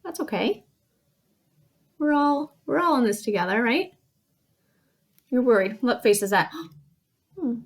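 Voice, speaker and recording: A young woman teacher reads a picture book aloud to small children and acts out every emotion she meets. Her voice sits a little high and swings widely, dropping to soft sighs and rising to playful cries. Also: measured pace, long pauses. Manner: animated, acts out each feeling with gasps and shouts.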